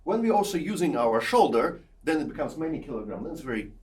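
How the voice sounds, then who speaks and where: Animated male piano teacher, far off in a roomy hall. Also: on the high side, quick pace. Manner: coaxing, checks in with 'yeah?' and 'eh?' often, sings phrases to show them. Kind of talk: masterclass teaching. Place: recital hall or studio with a piano.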